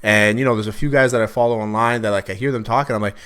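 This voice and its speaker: A man's voice: fairly low pitch, fairly even intonation, rapid-fire, fairly bright tone, clean tone. A man hosting a sports podcast, chatting casually and easygoingly with many fillers. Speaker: podcast host.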